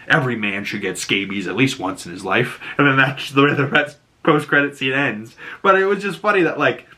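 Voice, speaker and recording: A man with a Boston accent, hosting a casual recap of a TV episode. He talks in an animated way, laughs often, and jumps into high put-on voices when he quotes characters. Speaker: YouTube show host.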